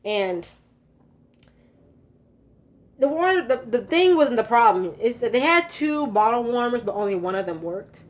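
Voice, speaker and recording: A young woman vlogging from her car, chatting casually, a little out of breath, with lots of fillers and laughs. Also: on the high side. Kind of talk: casual storytelling vlog.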